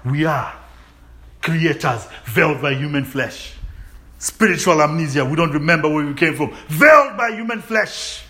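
Exuberant male preacher, highish bright voice, call-and-response style. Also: expressive, moderate pace. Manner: call-and-response questions, laughing, exuberant shouts. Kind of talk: sermon.

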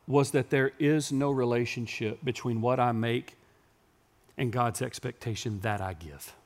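A man, preaching a sermon to his congregation in a church and building to loud, yelling emphasis. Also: mid-range voice, a little slow. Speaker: pastor. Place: church sanctuary.

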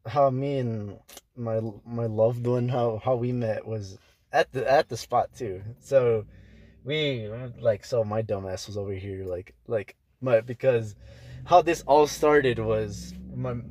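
A man's voice: medium pitch, slow, a little mellow. A young man hosting a podcast, telling stories in casual chat with heavy swearing and lots of fillers. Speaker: podcast host.

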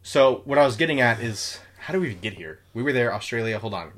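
A man's voice: mid-range voice, animated, quick pace, a bit bright. A young man and former Marine, chatting casually as a podcast guest, rambling through stories with lots of fillers and swearing. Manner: swears a lot, rambling storytelling with many fillers.

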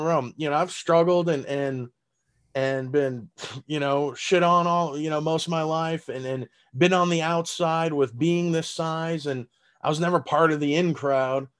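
A man's voice: a little high, fairly bright tone. A man with a Southern accent, a stand-up comedian in casual podcast chat who laughs often and talks loosely with lots of fillers and swearing. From Texas.

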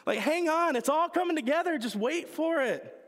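A man voicing God as a calm figure who reassures people that help is coming. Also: very high-pitched, moderate pace, pitched above the performer's own voice, exaggerated voice. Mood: reassuring. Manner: soothing, reassuring. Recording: reverberant hall.

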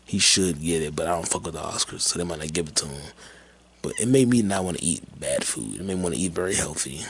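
Man, podcast host, low voice, loose rambling chat, swears freely, faint hiss behind. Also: gravelly, a bit bright. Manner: rambling, profane, laid-back, with many fillers. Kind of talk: casual movie chat.

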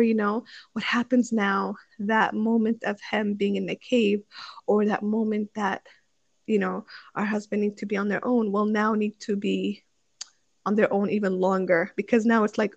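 A woman's voice: mid-range voice, little pitch movement, moderate pace, vocal fry, no echo, dull audio. A young woman chatting casually, thinking aloud with many fillers and restarts as she gives marriage advice. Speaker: speaker sharing advice on marriage. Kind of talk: casual chat.

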